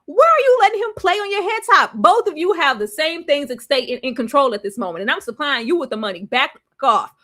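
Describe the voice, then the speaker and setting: Animated high-voiced woman reviewing TV. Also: brisk, few pauses. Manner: animated, laughs a lot, acts out quotes. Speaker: TV show reviewer. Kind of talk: casual recap chat.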